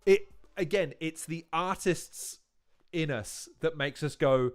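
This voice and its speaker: A man's voice: on the high side, slow, clean tone. A man hosting a live-stream watch-along, talking in profane, rambling tangents. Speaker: host.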